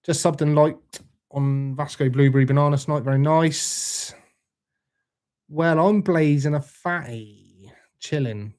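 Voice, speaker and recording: A man's voice: fairly high pitch, slow, a little mellow. Laid-back British man chatting on a livestream. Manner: laid-back, swears freely, jokey banter with chat. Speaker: livestream host. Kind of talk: casual live chat reading comments.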